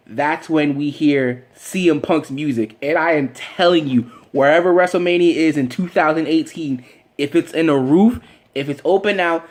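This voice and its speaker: A man vlogger rambling excitedly in casual fan commentary, with lots of fillers and restarts. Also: fairly high pitch.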